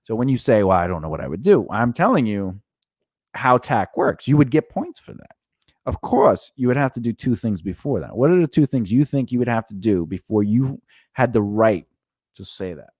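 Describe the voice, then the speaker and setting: Male podcast co-host, animated and jokey, breaks into laughter, close dry mic. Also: medium pitch, moderate pace, breathy edge, no echo. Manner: laughs often, acts out quotes in silly voices. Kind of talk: joking casual chat.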